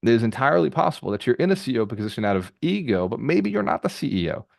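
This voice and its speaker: A man hosting a group call as a real estate mentor, giving an energetic motivational talk with rapid, repeated phrases. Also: mid-range voice, vocal fry, no echo, clean studio sound.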